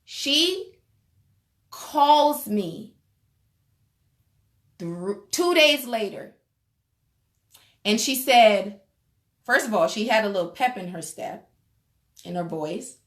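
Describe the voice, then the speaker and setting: A woman's voice: medium pitch, animated, slow, pauses often, fairly bright tone. A woman giving a motivational relationship talk, emphatic and preacherly, speaking straight to her listeners.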